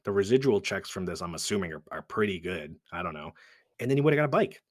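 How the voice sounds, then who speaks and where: A man co-hosting a podcast, chatting casually about films, animated and swearing, acting out quotes. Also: deep voice, fast, no room sound, studio quality. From Italian heritage. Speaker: podcast co-host. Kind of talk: casual film chat.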